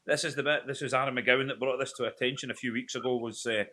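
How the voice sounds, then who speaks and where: A man's voice: medium pitch, fairly even intonation, fast talker, pushed and bright. A man interviewing a football player in a jokey, chatty, teasing way. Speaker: club media interviewer. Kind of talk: casual interview chat.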